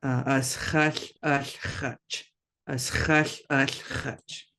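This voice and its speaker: A woman teaching a language lesson, slow and patient, repeating words for learners to echo. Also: rumbling low, level tone, a bit bright.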